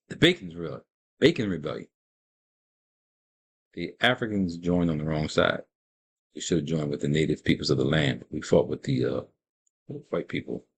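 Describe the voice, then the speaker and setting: A man's voice: sits low, slightly rough. A man reading passages from a book aloud and stopping to explain them in his own words, often correcting himself mid-sentence. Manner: reads passages then breaks them down with asides; stops to spell and correct himself. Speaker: host reviewing a book.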